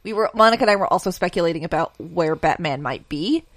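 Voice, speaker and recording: A woman's voice: lowish voice, expressive, fast talker, no room sound, studio quality. A woman co-hosting a casual podcast chat, making earnest, emphatic points. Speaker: podcast co-host.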